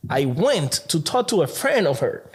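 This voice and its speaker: Male podcast co-host, halting and repetitive, slightly high voice. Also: husky. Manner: halting, repeats words, animated when telling stories. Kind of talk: casual podcast chat.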